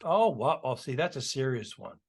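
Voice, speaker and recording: A mid-pitched man in casual podcast conversation. He keeps chiming in with chatty, practical asides. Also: big pitch swings, moderate pace, creaky, slightly rough. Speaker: podcast co-host. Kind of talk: casual chat.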